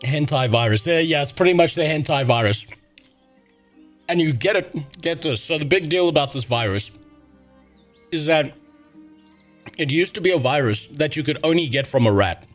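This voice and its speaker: Guy streaming, swears constantly, rants and jokes, voice a bit on the high side, quiet music behind. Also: animated, normal speed, long pauses. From South Africa. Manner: profane, ranting, joking. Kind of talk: casual livestream chat.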